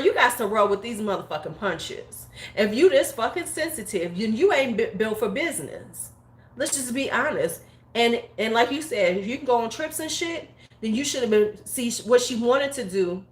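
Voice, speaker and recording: A woman's voice: a little high, fairly bright tone. Woman, forties, blunt, profane, rambling opinion chat, echoey room. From United States. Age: 40s. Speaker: beauty YouTuber. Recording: roomy echo.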